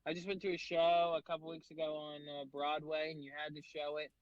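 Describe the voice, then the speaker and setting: A man with a fairly high voice tells rambling, animated stories on a podcast, packed with fillers and curse words. The sound is dull and lo-fi, and the room is dry and close. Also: brisk, no room sound. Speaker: guest comedian. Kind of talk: casual storytelling chat.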